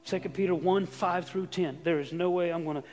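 A man preaching a sermon as pastor, swinging from hushed asides to shouted emphasis. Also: sits high, steady tone, a little fast, long reverb tail, soft background music. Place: church sanctuary.

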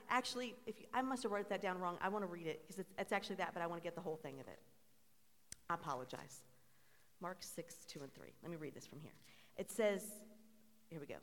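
A woman pastor preaching a sermon, animated and conversational, asking the congregation call-and-response questions. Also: medium pitch. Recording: long reverb in a church hall.

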